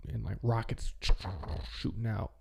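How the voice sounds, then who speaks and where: A man in his thirties hosting a relaxed monologue, rambling with lots of fillers as he reminisces nostalgically. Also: lowish voice, slow, gravelly, husky. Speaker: channel host.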